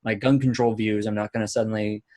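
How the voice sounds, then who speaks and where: A man's voice: lowish voice, level tone, quick pace, a crowd in the background. A man hosting a podcast in easygoing talk, often giving short agreeing replies. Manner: easygoing, many short backchannels. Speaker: podcast host. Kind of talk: casual podcast conversation.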